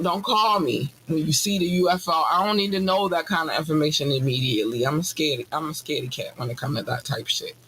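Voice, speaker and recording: A man with a somewhat high voice rants his way through a casual podcast monologue, swearing freely and jumping into sudden high-pitched bursts for comic effect. A faint hiss of background noise sits under his voice. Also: rough recording. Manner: animated, profane, jokey ranting with sudden high-pitched outbursts. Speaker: podcast host.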